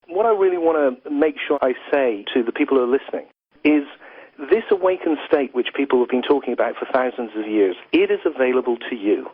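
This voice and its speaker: A man's voice: mid-range voice, animated, fairly quick, husky, dry recording. A man from England, a philosopher giving an interview, talking in an earnest, flowing way with many "you know"s. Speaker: philosopher and guest. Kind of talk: reflective interview talk. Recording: tinny phone line, dry.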